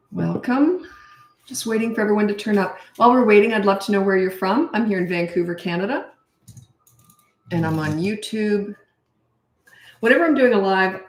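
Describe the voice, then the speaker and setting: A woman's voice: mid-range voice, slight background noise. A woman who is a parenting coach, chatting casually and rambling on a live stream, laughing often. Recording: echoey room.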